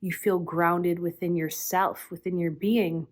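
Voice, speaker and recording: A middle-aged woman giving a reflective spiritual talk, earnest and unhurried, often pausing with "um". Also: lowish voice, flat delivery. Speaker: spiritual teacher.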